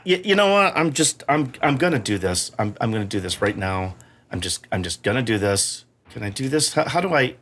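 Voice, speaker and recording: A man's voice: mid-range voice, sharp tone. A middle-aged man grumbling and cursing through his own gameplay, mocking himself as he plays. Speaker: gamer playing for the camera. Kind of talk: casual gameplay commentary.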